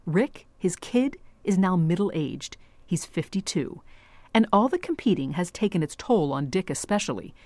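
Radio reporter: woman with a low voice, measured scripted narration. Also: expressive, a little mellow, dry recording. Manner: measured, clear storytelling.

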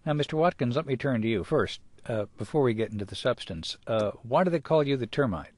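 A man hosts the interview in a measured, polite broadcast manner. His voice sits at an ordinary middle pitch. The recording is dry and close. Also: animated, no echo.

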